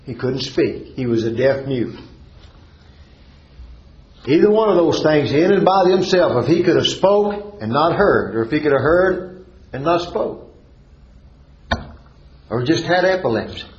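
A man's voice: a little high, lively intonation, measured pace, pauses often, darkish tone, roomy sound, muffled recording. A male preacher, preaching a sermon in a fervent cadence and repeating phrases for emphasis.

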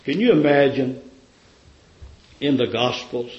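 A man's voice: medium pitch, slow, echoey room, highs cut off. Fervent storytelling preacher man. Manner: fervent storytelling, rhetorical questions. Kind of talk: sermon.

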